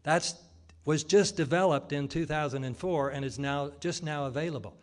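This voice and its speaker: A man giving a public lecture in an argumentative way, posing rhetorical questions and pausing with frequent ums and uhs. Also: on the high side.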